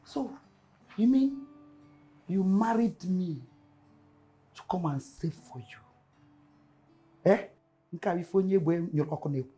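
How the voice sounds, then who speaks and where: An actress with a Nigerian accent playing a bitter wife who mocks and shouts at her sick, broke husband, with soft music under her. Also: lowish voice, slow pace, long pauses. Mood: angry. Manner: shouting, mocking, scornful. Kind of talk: film drama acting.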